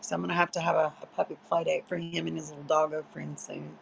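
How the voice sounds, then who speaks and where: Tired, chatty woman with a gravelly edge, loose profane late-night stream talk. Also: deep voice, little pitch movement, fast, slight background noise, poor audio. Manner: chatty, rambling, salty and profane. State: sleepy, yawning. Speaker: livestreamer. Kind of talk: casual late-night livestream chat.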